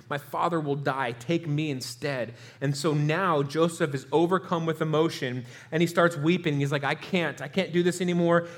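A man preaching a sermon with a somewhat high voice. He retells the scripture story in his own words and slips into the characters' pleading lines as he goes. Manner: storytelling, acts out quoted lines with rising emotion. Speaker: pastor.

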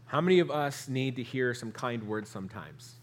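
Man, pastor, sermon, earnest, lifts on lists, drops soft on key lines. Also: mid-range voice, expressive, moderate pace.

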